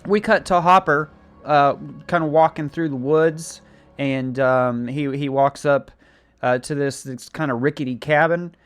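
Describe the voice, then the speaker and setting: A young man casually recaps a TV season's plot, rambling, joking, acting out quotes, and using plenty of filler words. His voice is fairly high and clean-toned at a measured pace, with soft background music.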